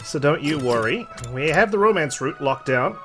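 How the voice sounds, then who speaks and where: A man's voice: on the high side, expressive, moderate pace, over music. A man hosting a let's play, joking and chatting casually while he plays and reads game dialogue aloud. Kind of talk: casual gameplay commentary.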